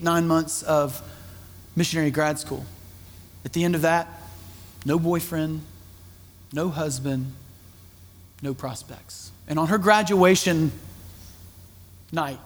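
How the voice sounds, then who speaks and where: A man preaching a sermon, telling a story in a conversational way with animated asides. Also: on the high side, big-room sound. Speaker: pastor.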